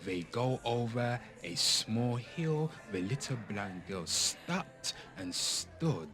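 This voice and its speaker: Man, host, theatrical confession reading, unhurried, lively swooping delivery, whispered moments, jokey asides. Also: mid-range voice. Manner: theatrical, swings between loud declarations and hushed whispers, with jokey asides. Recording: background music under the voice.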